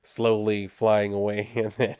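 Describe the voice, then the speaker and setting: A man chatting his way through a comic book review, rambling and laughing often, with lots of fillers. His voice sits fairly low and sounds dry and close to the mic. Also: monotone, unhurried, a little mellow, clean tone, dry recording. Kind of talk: casual review vlog.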